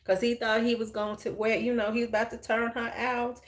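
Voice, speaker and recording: A woman's voice: a little high, flat delivery, brisk, background noise. Frank, bawdy middle-aged woman. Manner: frank, bawdy, joking with viewers. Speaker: beauty livestream host. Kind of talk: casual chat while doing makeup.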